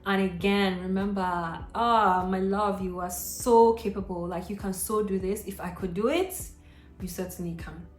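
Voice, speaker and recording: A woman's voice: mid-range voice, steady tone, moderate pace. A young adult woman vlogging to camera, chatty and encouraging, talking straight to her viewers like a friend. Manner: chatty and encouraging, addressing viewers directly as girl and sis. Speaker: lifestyle vlogger. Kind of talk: casual talk to camera. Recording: roomy echo with faint music.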